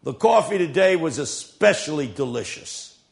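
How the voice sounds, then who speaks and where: Man putting on a brash homeless street guy, high-pitched, shouting, gravelly. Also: lively intonation, normal speed. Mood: eager, loud.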